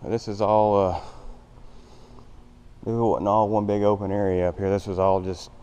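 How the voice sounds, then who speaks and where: A man touring a large abandoned old factory on a handheld camera talks in a lowish, warm, clean voice with level tone and moderate pace. The vlogger is out of breath, rambling and plainspoken with fillers, and the recording is muffled.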